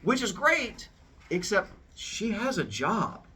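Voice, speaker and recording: The host spins an old myth into a comic story at a slow pace, very animated and sharp in tone. He playfully shifts into squeaky, high character voices. The mic sits far away.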